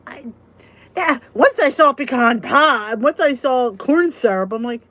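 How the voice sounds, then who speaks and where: A woman's voice: high-pitched, animated, fairly bright tone, no room sound. A woman hosting a live weight-loss support chat, talking casually, reading out viewers' comments and venting with a laugh. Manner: chatty, exclaiming, quick to vent and laugh.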